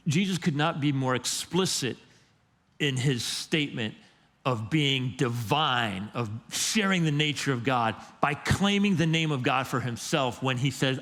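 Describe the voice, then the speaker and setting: Male pastor, medium pitch, casual emphatic sermon, repeats words, long reverb of a church sanctuary. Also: normal speed, fairly bright tone. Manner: conversational, emphatic, repeats words while building a point.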